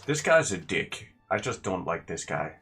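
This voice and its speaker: A man's voice: sits low, big pitch swings, moderate pace, sharp tone, faint music behind. A man giving casual, sarcastic gameplay commentary with rambling asides.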